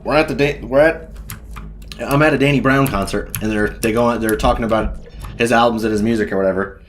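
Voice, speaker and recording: A man's voice: mid-range voice, fairly even intonation, brisk, a little hiss or hum. A young man co-hosting a podcast, telling rambling stories with bursts of mock ranting and heavy swearing. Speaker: podcast co-host. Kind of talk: casual chat.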